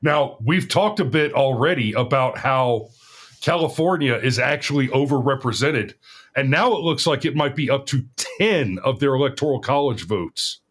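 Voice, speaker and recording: A man's voice: mid-range voice, animated, normal speed, a bit bright. Rambling man in casual political chat. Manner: rambling, restarts often, laughs at own stories. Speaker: podcast co-host.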